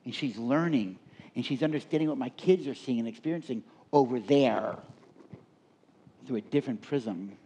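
A man's voice: mid-range voice, normal speed, dark tone, husky. A middle-aged man speaking at a live leadership seminar, telling stories and asking the audience questions in a conversational way. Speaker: workshop speaker.

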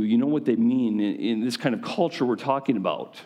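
A man's voice: mid-range voice, fairly quick, mellow. A man preaching a sermon to a gathering of men in a conversational style, often putting questions directly to his listeners.

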